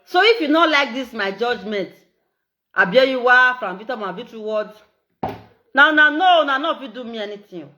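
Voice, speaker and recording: A middle-aged Nigerian woman with an Edo accent, talking in a casual, animated, repetitive way and laughing often. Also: on the high side, moderate pace, background noise. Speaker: social media live streamer. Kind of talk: casual monologue in Pidgin and Edo.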